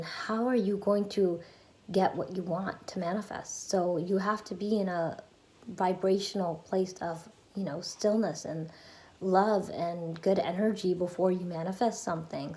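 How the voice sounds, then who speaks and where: A woman's voice: on the low side, a little mellow. A woman giving a casual, earnest self-help talk to her channel's viewers, chatty and full of fillers. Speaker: YouTuber.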